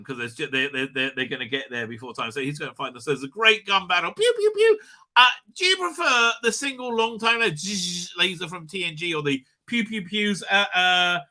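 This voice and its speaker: A man hosting a live stream, rambling excitedly with lots of fillers and tag questions. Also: high-pitched. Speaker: show host. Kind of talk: live-stream fan commentary.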